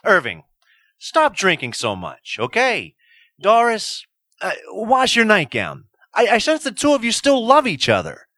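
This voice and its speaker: A man's voice: high-pitched, wildly swooping pitch, a little slow, sharp tone, no echo, studio quality, heavily acted. A man playing a stammering, flustered counselor. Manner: stammering, pleading.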